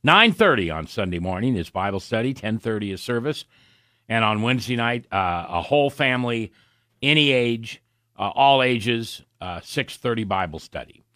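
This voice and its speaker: Male radio talk host, folksy, lively up-and-down delivery, dry close studio sound, slight cough. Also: mid-range voice, normal speed, no room sound. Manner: folksy, animated, thinking aloud with many restarts. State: has a cough. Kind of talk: Christian talk radio chat.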